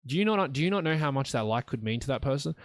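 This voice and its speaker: A man's voice: mid-range voice, lively intonation, quick pace, no room sound, clean studio sound. A young man hosting a solo podcast, talking in a blunt, profane, rambling way. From Australia. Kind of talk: rambling casual monologue.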